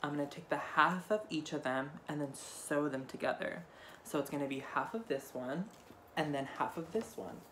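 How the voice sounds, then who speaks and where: A man's voice: a little high, moderate pace, a bit bright, slight background noise. A young man hosting a casual shopping haul vlog while tipsy, talking in a campy, profane and rambling way. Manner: rambling, offhand delivery. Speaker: haul vlogger.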